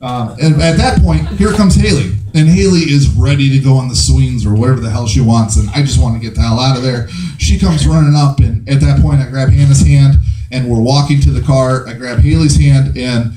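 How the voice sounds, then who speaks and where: A man in his thirties doing stand-up storytelling, animated and laughing through his own tale in a small live venue. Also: medium pitch, a little fast. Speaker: storytelling comedian. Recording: echoey room with faint noise.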